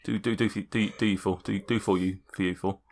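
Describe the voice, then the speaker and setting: A man's voice: lowish voice, fairly even intonation, a little fast, a little mellow, natural voice. A man voicing a plain middle-aged male farmer who stammers and trips over his words. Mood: flustered. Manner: stammering, tongue-tied.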